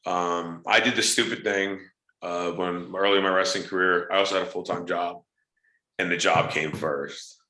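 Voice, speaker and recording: Low, punchy male wrestler-actor, lively storyteller, roomy echo. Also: normal speed. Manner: animated storyteller, acts out quoted voices. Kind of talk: casual interview chat.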